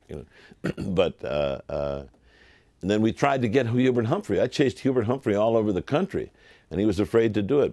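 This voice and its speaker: An older man, a television producer, telling lively anecdotes in an interview and acting out the voices of people he quotes. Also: sits low, no room sound. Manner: animated, acts out quoted voices.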